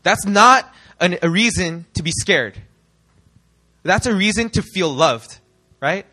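Bright-voiced young man preaching. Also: high-pitched, slow. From United States. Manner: animated, rhetorical questions to the congregation. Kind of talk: sermon.

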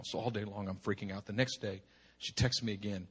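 A male pastor telling a personal story in a sermon, animated and self-deprecating. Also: fairly low pitch, brisk, breathy edge. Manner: animated, self-deprecating, chuckles between phrases.

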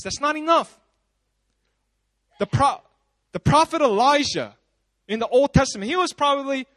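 High-voiced man preaching casually. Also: no room sound. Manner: casual, animated storytelling with frequent asides. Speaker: pastor. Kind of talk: sermon. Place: church service.

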